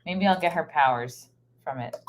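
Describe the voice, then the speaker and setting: Speaking at a moderate pace in a low voice, this female comedian rambles through a casual hotel-room live stream, scatterbrained and full of fillers. Her streaming microphone picks up slight background noise.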